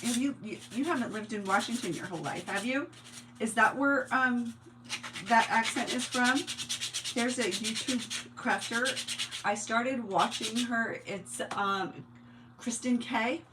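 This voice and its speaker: A woman's voice: a little high, measured pace, noisy background. A woman from New Jersey with a mixed New Jersey, Long Island and Indiana accent, hosting a casual craft livestream, chatting and laughing often while she works. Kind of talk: casual craft-along chat.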